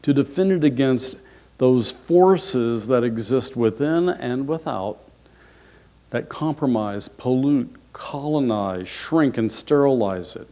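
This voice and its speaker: Male minister, sermon, mid-pitched voice, unhurried storyteller with expressive swings. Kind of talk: sermon with a told joke.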